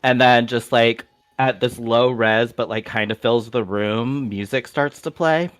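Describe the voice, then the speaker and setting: A man's voice: medium pitch, steady tone, unhurried, a bit bright, clean tone, dry recording. A man playing a tabletop game, describing his character's actions hesitantly and with many fillers. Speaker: player.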